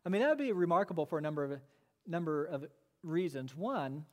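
A man preaching a sermon as pastor, emphatic, with quick asides and slow stressed phrases. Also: a little high, lively intonation, a little mellow. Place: church sanctuary. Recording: long reverb of a church hall.

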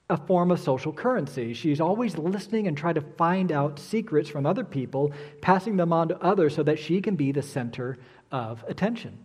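Preacher man in a reverberant hall. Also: a little high. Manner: animated, acts out quoted voices. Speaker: pastor. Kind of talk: sermon.

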